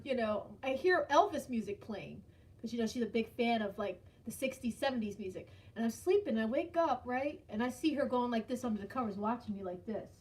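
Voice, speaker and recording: A woman hosting a casual live stream chat, telling a story with frequent laughter and greeting viewers by name. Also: a little high. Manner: animated, laughs often, greets chatters by name.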